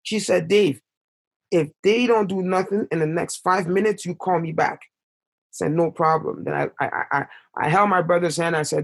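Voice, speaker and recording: A young Canadian man with vocal fry, a steady tone and normal speed tells a painful story as a podcast guest. Impassioned and full of fillers, his pitch rises when he gets upset during this emotional conversation.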